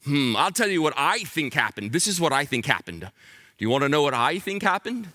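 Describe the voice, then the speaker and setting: A man playing a bumbling, excitable detective for a children's Bible school, theatrical and playful, with dramatic exclamations. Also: on the high side, a little fast. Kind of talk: comic character acting for children.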